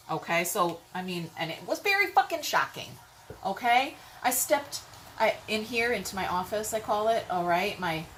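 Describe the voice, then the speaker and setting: Woman tarot reader, rambling and foul-mouthed, lower voice, faint hiss behind. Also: rough recording. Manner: chatty, rambling, swears freely, frequent "okay?" check-ins; lively, with sudden loud exclamations. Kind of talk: casual tarot reading monologue.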